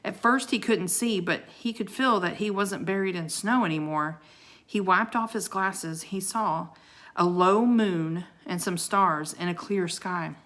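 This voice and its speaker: A woman reads a children's storybook aloud in a clear, bright voice. Her reading is expressive, with occasional small stumbles. She sounds like she is reading to a child at home. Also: on the low side, a little slow. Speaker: reader of a children's book.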